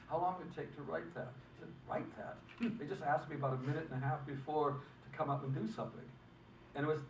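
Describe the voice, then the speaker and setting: An older film director in a press interview, talking haltingly and restarting often as he searches for words. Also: on the high side. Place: convention room. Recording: echoey room, mic far off, faint noise.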